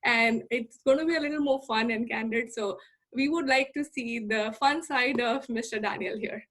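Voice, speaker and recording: A woman's voice: on the high side, moderate pace, a bit bright. Upbeat woman hosting an interview. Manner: upbeat, encouraging, many you-knows. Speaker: podcast host.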